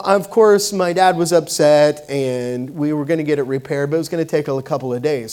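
Guy preaching, kinda high voice, casual and chatty with lots of um and you know. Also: darkish tone. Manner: conversational, many fillers and restarts. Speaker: pastor. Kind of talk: sermon with personal story.

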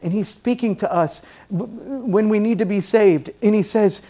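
High-voiced man preaching with fervor. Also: normal speed, dark tone. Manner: folksy and joking, building to fervent preaching. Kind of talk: sermon with object lesson.

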